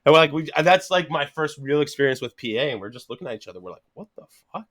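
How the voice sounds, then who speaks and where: Podcast guest, man in his thirties, slightly raised pitch, animated profane storyteller who plays out every quote. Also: rapid-fire. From Canada. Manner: animated, swears constantly, laughs mid-sentence, acts out quotes. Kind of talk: casual storytelling chat.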